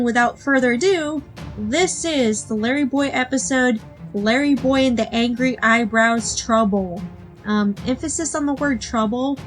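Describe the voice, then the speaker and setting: A woman giving a sarcastic review of a cartoon episode, full of wry asides, with faint music behind. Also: fairly high pitch. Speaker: video reviewer.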